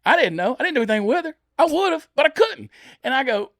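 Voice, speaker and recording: A man telling comic stories as a podcast guest, acting out everyone he quotes. His voice is pitched high and swoops all over. He is recorded up close with no room echo. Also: fast talker. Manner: animated storyteller, lively acted-out quotes. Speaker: comedian guest. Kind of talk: storytelling on a podcast.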